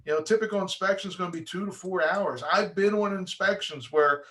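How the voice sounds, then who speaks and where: A man's voice: high voice, brisk, bright, forceful tone. A middle-aged home inspector giving a conversational training talk to real estate agents, often restarting his sentences. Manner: conversational, restarts often, acts out clients' voices.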